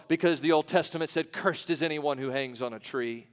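A man preaching a sermon, pitched a little high, who swings between raised, driving emphasis and near-hushed quiet. His voice rings out into a big, reverberant hall. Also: brisk, few pauses. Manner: dramatic, swings from loud to hushed. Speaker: pastor.

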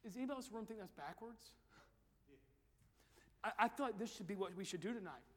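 A man preaching a sermon at a youth event, swinging from quiet pleading to shouted climaxes. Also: sits high. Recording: echoey hall.

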